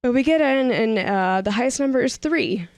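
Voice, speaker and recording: A woman's voice: a little high, animated, normal speed, no echo. Woman chiming in on a podcast. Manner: laughs often, chimes in with short remarks. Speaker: podcast co-host. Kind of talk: casual chat.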